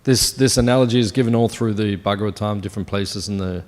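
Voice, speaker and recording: A man's voice: lowish voice, fast, darkish tone. Man in his fifties giving a scripture class. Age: 50s. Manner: conversational, asks the audience questions. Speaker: temple class speaker. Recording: long hall reverb.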